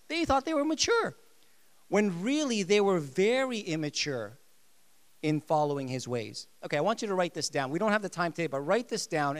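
Emphatic male preacher. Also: sits high. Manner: emphatic, repeats phrases, lively. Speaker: pastor. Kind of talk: sermon.

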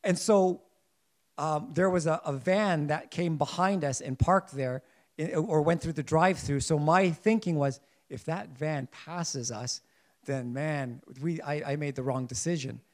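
Guy preaching a sermon, kinda high voice, earnest, keeps restarting his sentences. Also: unhurried. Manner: earnest, searching for words with frequent restarts.

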